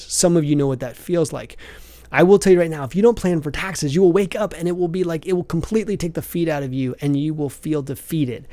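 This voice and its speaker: A man's voice: on the high side, mellow, no echo. A man hosting a podcast, giving earnest, emphatic business advice in a preachy monologue. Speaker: podcast host, business coach.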